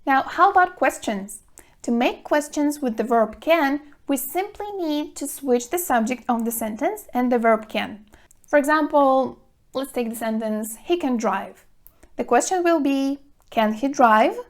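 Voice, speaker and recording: A woman teaching an English grammar lesson to camera, speaking clearly and deliberately, stressing words to show pronunciation. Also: on the high side. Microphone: phone camera.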